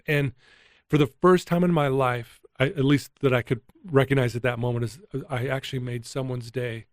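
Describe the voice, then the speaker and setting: An addiction recovery coach, a middle-aged man appearing as a guest on a candid interview, tells the story of a personal turning point with earnest, emotional animation. He speaks quickly in an ordinary middle pitch, recorded close and dry with no room sound.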